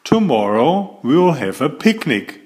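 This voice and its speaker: A man's voice: on the high side, sing-song, a little slow, pitched above the performer's own voice. A man voicing a cheerful woman teacher who speaks firmly to her class. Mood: announcing. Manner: bright announcing, firm.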